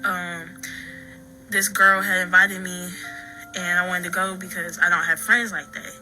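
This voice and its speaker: A woman recounting her own story in halting, earnest talk full of restarts and fillers. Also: lowish voice, flat delivery, sharp tone, faint music behind, poor audio. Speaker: daughter telling her story. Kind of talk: personal account.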